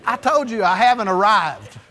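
High, bright preacher in a hall. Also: male voice, normal speed. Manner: storytelling, animated, acts out dialogue. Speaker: pastor. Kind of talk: sermon. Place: church sanctuary. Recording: long hall reverb.

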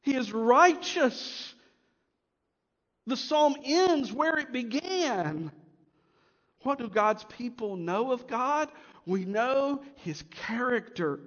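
A man pastor preaching a sermon, emphatic, rising to stress points and dropping to a hush. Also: very high-pitched, animated, slow. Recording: dull sound with long hall reverb.

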